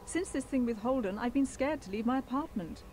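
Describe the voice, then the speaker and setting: An actress voicing a frightened, guarded young woman hiding out in her apartment, speaking with a British-sounding accent and slow to trust anyone. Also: a little high, animated, darkish tone, a little hiss or hum, lightly acted. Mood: wary. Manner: guarded, defensive, reluctant to trust.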